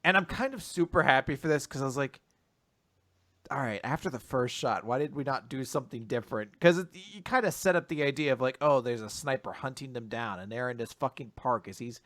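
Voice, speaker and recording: A man co-hosting a casual manga recap podcast, animated, laughing often and acting out characters' lines. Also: medium pitch, fairly quick, dry recording. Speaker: podcast co-host.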